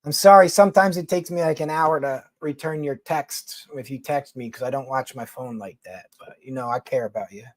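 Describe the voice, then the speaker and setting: A man's voice: medium pitch, fairly quick, hardly any pauses, dry recording. A man from New York City with a Philadelphia accent, chatting casually with viewers on a livestream in a blunt, rambling, profane way.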